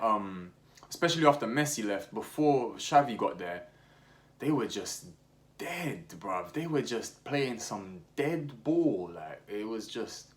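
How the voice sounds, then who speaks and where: Slangy young man chatting football. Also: medium pitch. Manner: slangy, animated, many restarts and fillers. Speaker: football podcast host. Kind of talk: casual opinionated chat.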